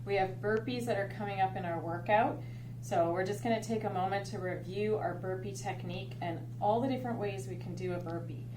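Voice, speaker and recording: A woman fitness instructor giving clear step-by-step coaching cues for a home workout. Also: mid-range voice, fairly quick, distant mic. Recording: roomy echo, off-mic, faint hum.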